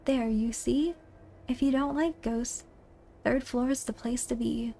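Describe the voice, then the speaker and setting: A woman voicing a boastful male thief who talks in rough, folksy slang. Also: a little high, fairly even intonation, measured pace, mellow, slight background noise. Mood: dismissive. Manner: ungrammatical folksy thief talk.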